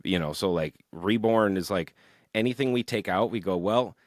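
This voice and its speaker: A young man, a musician guest on a podcast, telling rambling, animated stories about his band with plenty of swearing. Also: deep voice, normal speed, no room sound, clean studio sound. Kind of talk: casual podcast interview.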